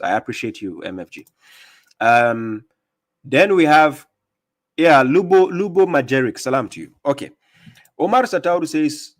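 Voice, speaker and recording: A man with a non-native English accent hosting a live stream, reading viewer comments aloud and commenting emphatically, often repeating his words. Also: mid-range voice. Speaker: livestream host.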